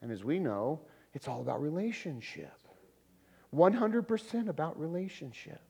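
A man's voice: on the high side, a little mellow, husky. Folksy man preaching. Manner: conversational, folksy, acts out quotes with humor. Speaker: pastor. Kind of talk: sermon.

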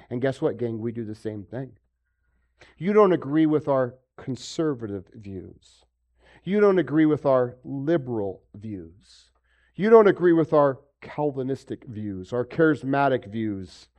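A man's voice: medium pitch, expressive, normal speed, mellow. A man preaching a sermon, asking rhetorical questions and acting out the voices of the people he quotes. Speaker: pastor.

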